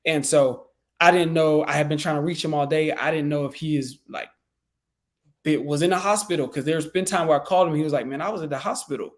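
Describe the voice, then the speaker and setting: Guy teaching sales stuff, kinda high voice, chatty and loose. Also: steady tone, brisk. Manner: conversational, loose, lots of fillers and restarts. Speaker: real estate sales coach. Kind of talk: casual teaching talk.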